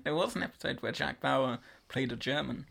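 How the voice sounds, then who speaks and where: A man's voice: mid-range voice, a little fast, creaky, heavy background noise. A young man in his twenties in casual chat. He tells rambling stories, laughing and swearing as he goes.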